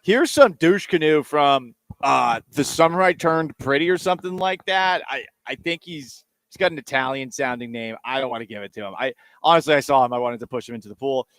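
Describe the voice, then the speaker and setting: A male sports radio host who rambles sarcastically and mocks himself between asides. He speaks at a middling pitch into a studio mic, and the sound is close and dry with no room echo. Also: a little fast, few pauses, fairly bright tone. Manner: sarcastic, rambling, self-mocking. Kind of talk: casual radio talk.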